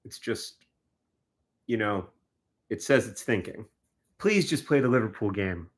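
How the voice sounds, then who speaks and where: A man's voice: on the low side, expressive, unhurried. Exasperated man chatting on stream. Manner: exasperated, wry running commentary, talking to viewers. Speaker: livestreamer signing autographs. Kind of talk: casual livestream chat.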